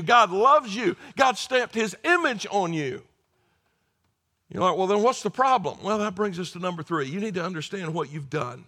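A middle-aged male pastor preaches with a fairly high, bright voice. He talks to the congregation in an emphatic, conversational way and mixes in dry humor. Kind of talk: sermon.

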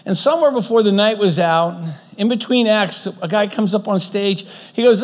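A man's voice: sits high, brisk, big-room sound. A man preaching a sermon, retelling a story earnestly, often restarting his phrases.

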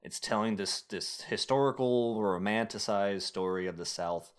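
A man's voice: on the low side, moderate pace, smooth. A young man hosting a casual podcast chat, rambling and restarting his sentences, laughing often. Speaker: podcast host.

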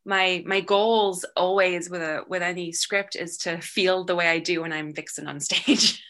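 A young woman with a British accent talks casually and with energy about her work. Her voice is bright and forceful, and she slips into quick impressions of the people she quotes. She swears now and then without slowing down. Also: fairly low pitch, steady tone. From Britain. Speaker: guest, burlesque performer and actor. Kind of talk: casual interview chat.

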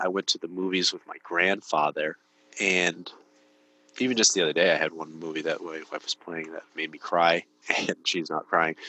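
A man's voice: low-pitched, sharp tone, rough recording. A man in his thirties, a guest in a casual podcast conversation, telling stories in an earnest, rambling way with lots of "like". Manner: earnest, rambling storyteller, heavy use of "like".

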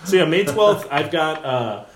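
A man's voice: on the high side, sing-song, a little slow. A man, a stand-up comedian, telling stories in casual chat, acting out quotes with many restarts. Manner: storytelling with acted-out quotes and frequent restarts. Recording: roomy echo.

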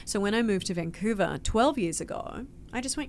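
A woman's voice: medium pitch, animated, brisk, few pauses, a little hiss or hum. An Australian woman in a casual interview, telling her story expressively with big swings in emphasis. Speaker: guest actor.

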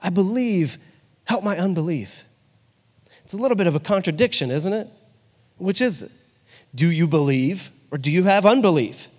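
High-voiced male preacher in a reverberant hall. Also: expressive, brisk. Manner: conversational, full of rhetorical questions. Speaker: pastor. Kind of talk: sermon.

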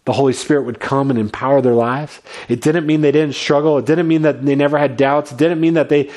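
A man's voice: mid-range voice, brisk. Earnest man preaching a sermon. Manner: earnest, repeats words, swings between lively and quiet. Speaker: pastor.

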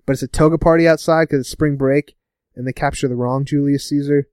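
A man casually recapping a TV episode with a co-host, laughing often and putting on quick voices for the characters. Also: fairly high pitch, fairly even intonation, a little mellow, smooth, no room sound, studio quality. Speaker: podcast co-host.

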